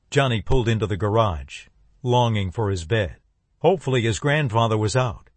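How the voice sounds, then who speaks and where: A man narrating an audiobook in a steady, even way. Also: on the low side, normal speed, dry recording.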